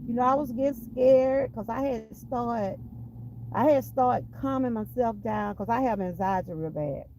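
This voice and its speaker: Southern woman telling her faith testimony, highish voice, mellow tone, keeps repeating lines for emphasis. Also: measured pace, a little hiss or hum, low-quality recording. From Georgia, USA. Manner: emphatic, repeats phrases for weight. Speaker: vlogger sharing a testimony.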